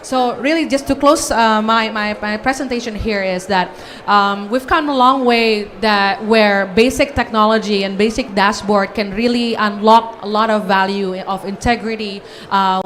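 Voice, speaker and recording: A woman wraps up a conference presentation, pausing often with ums and uhs. Her pitch sits in a middle range. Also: fairly even intonation, fairly bright tone, a little hiss or hum. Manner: hesitant, many fillers. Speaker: panelist presenter. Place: conference pavilion.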